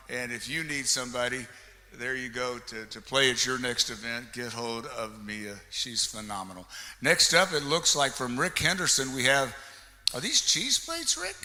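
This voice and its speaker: Bright, joking male emcee in a hall. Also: mid-range voice. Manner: joking, loose and chatty with the crowd. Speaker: chamber of commerce meeting emcee. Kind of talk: emceeing a live business meeting. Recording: reverberant hall with faint background noise.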